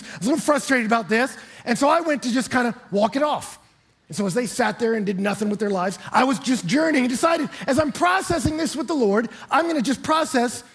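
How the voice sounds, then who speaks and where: A man preaching as a pastor, with a fairly high voice that has a husky, breathy edge. He tells his story with animation and acts out the moments as he speaks. His delivery is lively and expressive. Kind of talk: sermon.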